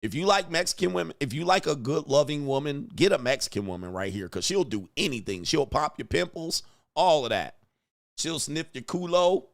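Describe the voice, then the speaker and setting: A man's voice: a little high, expressive, fairly quick, vocal fry. A man hosting a reaction show, mocking the clips in crude slang and laughing between remarks. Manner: crude, loose street slang. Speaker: host. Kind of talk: reaction commentary.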